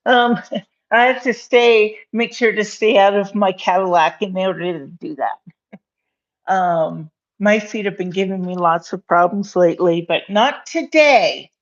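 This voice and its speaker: A woman's voice: medium pitch, measured pace, muffled recording. A woman chatting casually through a home cooking video, rambling with many fillers and frequent laughter. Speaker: cooking vlogger. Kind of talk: casual cooking chat to camera.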